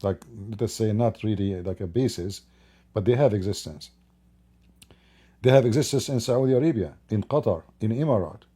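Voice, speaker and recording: Male host, solo commentary into his own mic, low and mellow, insistent and repetitive. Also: normal speed, husky. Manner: emphatic, builds repetitive lists. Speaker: channel host commenting on politics. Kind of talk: unscripted commentary monologue. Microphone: own microphone.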